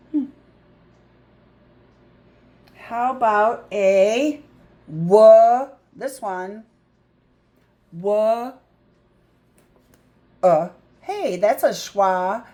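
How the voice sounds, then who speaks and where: A woman tutor teaching a phonics lesson, sounding out words slowly and thinking aloud in a chatty way. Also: mid-range voice, dark tone. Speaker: reading tutor.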